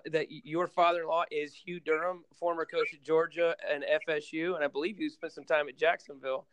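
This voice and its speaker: Coach guy rambling thru a story on a podcast, smooth clear voice, dry sound. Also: on the high side, level tone, a little fast, hardly any pauses, a bit bright, no room sound. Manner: rambling, many fillers and restarts. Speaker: guest basketball coach. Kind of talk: casual storytelling in a podcast interview.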